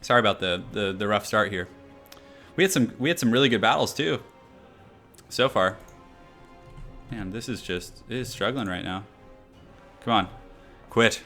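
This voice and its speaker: Young guy streaming a game, chatty and loose, bright voice, some quiet music behind. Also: on the low side, normal speed, pauses often. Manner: chatty, reads chat aloud, many fillers. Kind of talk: casual live-stream commentary.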